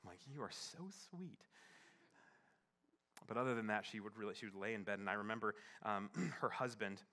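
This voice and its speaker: Bright-voiced man telling a sermon story. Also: on the low side, fairly even intonation. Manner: halting, many fillers, shifts from playful to hushed and tearful. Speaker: pastor.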